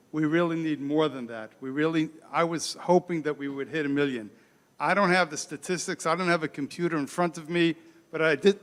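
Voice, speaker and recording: An earnest man hosting a live telethon, with a halting, thankful delivery. His voice sits slightly higher than most men's, and a long hall reverb trails behind it. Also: fairly bright tone. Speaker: telethon host.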